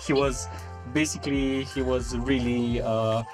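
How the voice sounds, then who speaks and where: Halting man chatting about his game character. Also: medium pitch, fairly even intonation, darkish tone, faint music behind. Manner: halting, many restarts and laughs. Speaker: tabletop game player. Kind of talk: casual panel chat.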